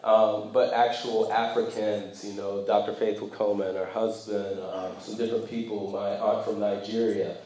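A man's voice: fairly low pitch, flat delivery, moderate pace, hardly any pauses, dark tone, reverberant, rough recording. A man from the United States giving a sermon in a loose, conversational way, with many fillers and storytelling asides. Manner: conversational, frequent fillers, laughs while telling stories. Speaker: preacher. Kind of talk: sermon talk.

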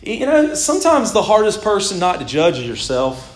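Animated casual preacher man in an echoey church. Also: high-pitched, brisk. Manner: casual, animated preaching with laughs and bursts of shouting. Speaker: pastor. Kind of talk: sermon. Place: church sanctuary.

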